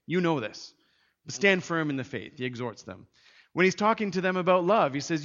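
A man's voice: high voice, sing-song, normal speed, fairly bright tone. A man preaching a sermon to his congregation in an earnest, emphatic way, repeating key phrases as he reads and explains scripture. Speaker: pastor. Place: church sanctuary. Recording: dull sound with long church reverb.

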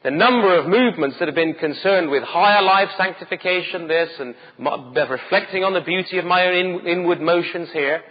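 Husky, urgent male preacher. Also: high voice, a little fast, hardly any pauses, big-room sound, dull audio. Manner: urgent, emphatic, rhetorical questions. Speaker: pastor. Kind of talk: sermon.

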